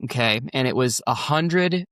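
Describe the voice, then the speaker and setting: A man's voice: medium pitch, animated, a little slow, a bit bright, no room sound, studio quality. A man, a pastor, telling a personal story on a podcast in an earnest, rambling way with many fillers. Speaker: pastor and guest.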